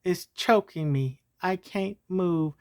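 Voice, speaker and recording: Woman voicing a trapped dog, whimpering, pleading, low voice, slow. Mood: hurting. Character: frightened trapped male dog.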